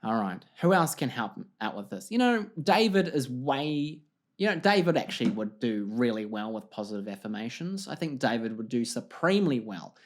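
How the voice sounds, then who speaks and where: Man, podcast host, rambling solo monologue, self-deprecating, lively swooping pitch. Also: moderate pace. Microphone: desk mic, wearing headphones.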